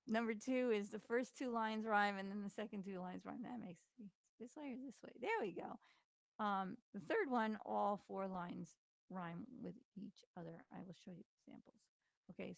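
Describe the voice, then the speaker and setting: A woman's voice: mid-range voice, gravelly, no echo. A tired woman teacher giving a casual recorded lesson, talking informally with lots of fillers. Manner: chatty, informal, many fillers.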